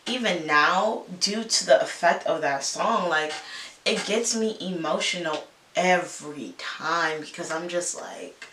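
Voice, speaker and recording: Woman vlogger, low-pitched and emphatic, casual chat, roomy sound with faint hiss. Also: takes it slowly. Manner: earnest, emphatic, uplifting. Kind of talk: casual chat while getting ready. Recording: echoey room, mic at a distance, faint hiss.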